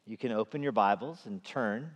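Animated male preacher in an echoey hall. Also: normal speed. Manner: animated, rising in pitch and volume when quoting scripture. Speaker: pastor. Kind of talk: sermon. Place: church sanctuary. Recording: echoey church hall reverb.

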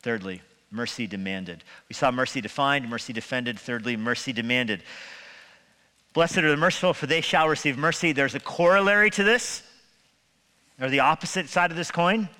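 Preaching a sermon in a church sanctuary whose hall rings with reverb, this pastor has a slightly high, bright voice, brisk and forceful. He keeps it conversational, using humor and rhetorical questions.

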